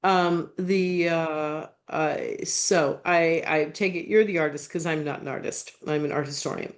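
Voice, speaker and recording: A man, an art historian, answering questions in an online panel, halting and searching for words with many restarts. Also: fairly high pitch, steady tone.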